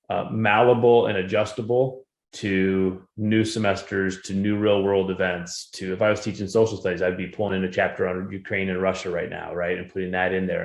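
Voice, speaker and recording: Speaking at a conference, an educator with a low, gravelly voice talks about his classroom experience in a relaxed, conversational way. He livens up when recounting anecdotes. The room echo is noticeable.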